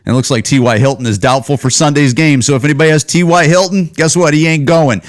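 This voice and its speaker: A man's voice: on the high side, fairly even intonation, fast. A man hosting a podcast, ranting casually with heavy profanity and rambling asides. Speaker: podcast host. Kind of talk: casual solo podcast rant.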